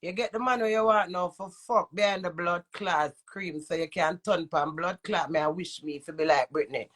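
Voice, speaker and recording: A woman's voice: on the low side, normal speed, fairly bright tone. A woman with a Jamaican accent and a runny nose, ranting in heated, profane patois. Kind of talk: angry rant to camera.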